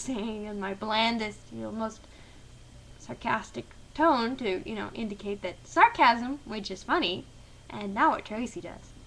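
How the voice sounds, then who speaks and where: A woman's voice: fairly high pitch, fairly bright tone, a little hiss or hum, poor audio. A woman teacher telling a story to camera in a blunt, sarcastic, chatty way. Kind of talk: casual storytelling vlog.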